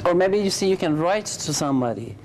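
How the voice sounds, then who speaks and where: A woman's voice: fairly low pitch, animated, a little fast, darkish tone, a little hiss or hum. A woman teaching English conversation in class, patiently correcting and repeating her students' sentences.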